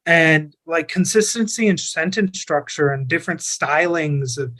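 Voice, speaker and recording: A man's voice: on the high side, measured pace, sharp tone, low-quality recording. A man who is a guest on an interview podcast, talking casually about his business, with a rambling, filler-heavy way of talking.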